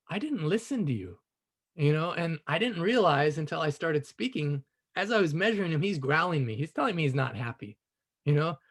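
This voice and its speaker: A man sharing a personal story on a group call, earnest and reflective, often adding "you know" and soft laughs. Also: fairly high pitch. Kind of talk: casual spoken storytelling.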